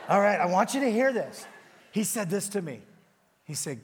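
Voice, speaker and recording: High-voiced male preacher in a reverberant church. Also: moderate pace, long pauses. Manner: energetic preaching, addressing the congregation directly. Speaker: pastor. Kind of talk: sermon. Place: large church with a balcony.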